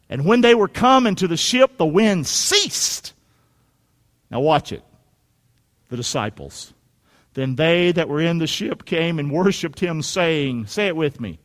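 A male pastor, preaching an animated sermon that swings from shouts to quiet asides. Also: high voice, moderate pace, in a large hall.

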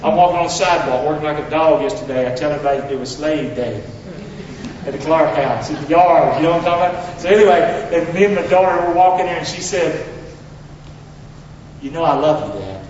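A man preaching a Father's Day sermon in a church, leading call-and-response and swinging between loud exhortation and hushed asides. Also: on the high side, steady tone, fast, a little hiss or hum. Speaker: pastor. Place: church sanctuary. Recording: very echoey hall, distant mic, slightly dull.

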